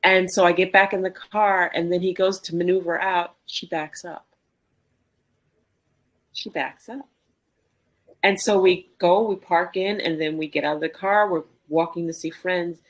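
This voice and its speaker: A woman with a somewhat low voice co-hosts a conversation and tells a story. She is animated and acts out the back-and-forth of the people in it. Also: measured pace. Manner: animated, re-enacts dialogue in her story. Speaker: podcast co-host.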